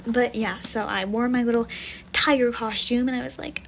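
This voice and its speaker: A woman's voice: fairly high pitch, fairly even intonation, moderate pace, slight background noise, poor audio. A young woman and university student telling a casual storytime vlog, rambling with many fillers and often dropping to a near whisper. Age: young adult. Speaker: vlogger.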